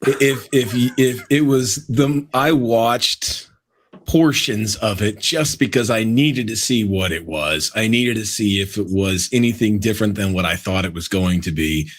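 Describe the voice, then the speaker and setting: This man co-hosts a casual sports podcast, speaking at a measured pace in a fairly low voice. He's emphatic and repeats his points for effect.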